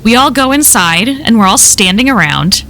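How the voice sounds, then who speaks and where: A woman's voice: on the high side, expressive, moderate pace, bright, forceful tone, faint music behind. Woman reading a horror story aloud. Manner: casual first-person storytelling with frequent swearing. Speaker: story reader and streamer.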